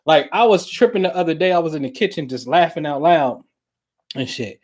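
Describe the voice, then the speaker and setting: A man hosting a show, talking in casual, profane chat, telling stories animatedly and dropping to low mumbles. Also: expressive, a little fast, a little mellow. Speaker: podcast host.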